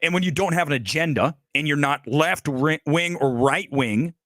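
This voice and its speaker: A man's voice: fairly high pitch, moderate pace, a bit bright, dry recording, clean studio sound. A man hosting a film review livestream, talking bluntly and emphatically with self-assured opinions. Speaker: film critic host.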